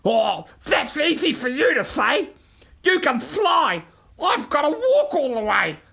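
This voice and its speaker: A man voicing a grumpy young male ant in a children's storybook, speaking in a sulky, high, raspy voice. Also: sing-song, takes it slowly, pushed and bright, exaggerated voice. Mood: cross. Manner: whiny and sulky.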